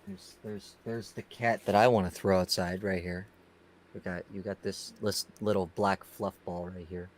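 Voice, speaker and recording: A man's voice: low-pitched, steady tone, normal speed. A man, a podcast guest, chatting casually, laughing often and repeating words as he goes. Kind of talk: casual chat.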